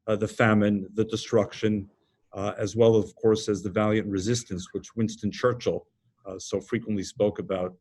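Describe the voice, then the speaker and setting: A composed man with a low voice puts long, carefully phrased questions to his guest over a video call. His delivery stays steady and formal throughout. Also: normal speed, husky. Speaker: interviewer.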